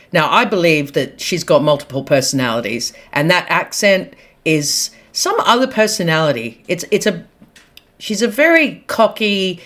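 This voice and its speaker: Blunt, chatty woman vlogger. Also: on the low side. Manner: blunt, animated, laughs at own jokes, slangy. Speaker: celebrity gossip vlogger. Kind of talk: casual opinionated monologue to camera.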